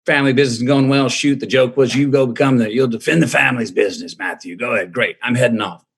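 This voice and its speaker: Speaking fast in a gravelly, breathy medium-pitched voice, a middle-aged man appears as a guest on a podcast interview. He reflects on a personal story with a drawl, voicing the people he quotes.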